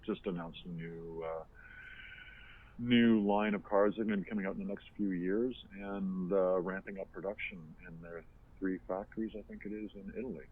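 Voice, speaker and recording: A man's voice: low-pitched, fairly even intonation, normal speed, slightly rough. A man co-hosting a podcast in casual, opinionated chat, rambling with lots of fillers and restarts, heard over a tinny phone-like line. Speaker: podcast co-host.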